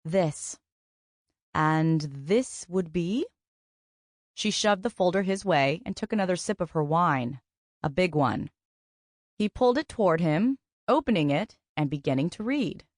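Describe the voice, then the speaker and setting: A woman with a lowish voice narrates a contemporary romance audiobook from a script, telling the story in an even, measured manner. The studio sound is clean, with no room sound.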